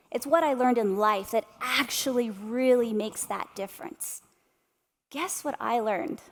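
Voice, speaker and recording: A slightly mellow voice on the high side belongs to a woman in her thirties presenting a motivational keynote. She brings her stories to life and uses tag questions to talk right to the audience, all inside a big arts-center hall with a long, lingering reverb.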